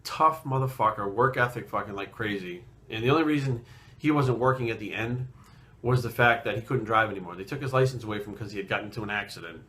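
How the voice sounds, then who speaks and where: A fitness vlogger in his late 30s from Rhode Island tells a personal story casually, bluntly and ramblingly, with lots of swearing. He talks fast in a lowish, bright, forceful voice.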